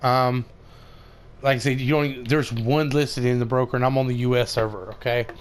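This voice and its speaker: A man's voice: mid-range voice, level tone, a little fast, a little hiss or hum. Rambling man narrating a game tutorial. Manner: rambling, many fillers and restarts. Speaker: gaming video creator. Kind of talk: casual game tutorial commentary.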